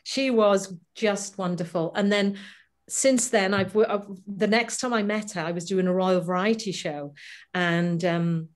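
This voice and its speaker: Woman, middle-aged, animated storyteller, video call interview, medium pitch. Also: measured pace. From Wales. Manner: animated, laughing anecdotes with acted-out quotes. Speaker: guest performer.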